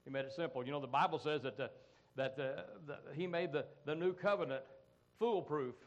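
A middle-aged American pastor delivers a sermon in a folksy, conversational style, his voice a bit higher than most men's. He keeps punctuating his points with "amen" and "come on" asides to the congregation. He speaks briskly, and the recording's highs are cut off.

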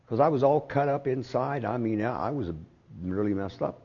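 A man preaching a sermon as pastor, swinging from loud outbursts to hushed, drawn-out phrases. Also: mid-range voice, highs cut off.

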